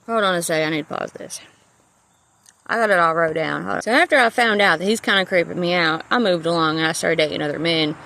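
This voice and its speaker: A woman's voice: lowish voice, fast talker, creaky, bright, forceful tone. A woman telling a rambling personal story to camera, swearing freely and stopping to restart her sentences. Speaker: vlogger. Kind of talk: casual storytelling.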